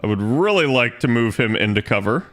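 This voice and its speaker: Bright-voiced man narrating his gameplay. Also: mid-range voice, fairly quick. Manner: relaxed, explains his moves aloud, swears casually. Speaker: streamer playing a strategy game. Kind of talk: casual gameplay commentary.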